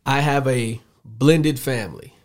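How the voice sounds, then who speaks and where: Man from Chicago telling animated stories. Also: medium pitch, unhurried. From Chicago, USA. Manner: animated storyteller who acts out quoted dialogue. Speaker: podcast guest, football coach. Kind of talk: casual storytelling interview.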